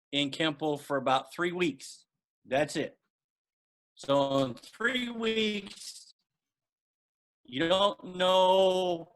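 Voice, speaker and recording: A man telling a personal story in a casual, animated way, acting out the dialogue he quotes. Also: on the high side, low-quality recording. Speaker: martial arts guest answering questions. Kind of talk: casual storytelling on a video call.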